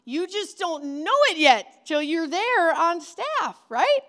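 Earnest high-voiced woman teaching. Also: big pitch swings, takes it slowly, a bit bright. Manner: earnest, emphatic, conversational. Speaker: ministry trainer for children's pastors. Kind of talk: teaching talk.

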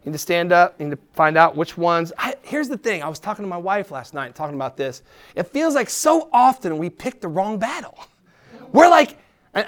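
High-voiced preacher guy, middle-aged, animated sermon, acts out voices, goes soft and gentle at times. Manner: drops to a soft, quiet tone for encouragement. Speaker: pastor.

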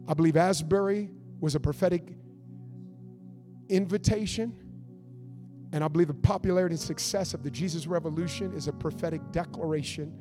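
A man preaching a fervent sermon in a church, swinging between loud build-ups and hushed passages. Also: on the high side. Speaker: pastor.

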